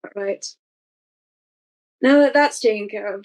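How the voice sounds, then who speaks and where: A woman narrating a tabletop game as game master, vivid and unhurried. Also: mid-range voice, a little mellow, low-quality recording.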